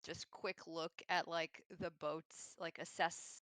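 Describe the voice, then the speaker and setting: A player with a bright, sharp tone talks through plans at a tabletop game. The sound is close and dry, and the speech rambles on filler words. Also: mid-range voice, flat delivery, takes it slowly, clear, resonant tone, no room sound. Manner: filler-heavy, lots of "like". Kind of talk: casual tabletop play.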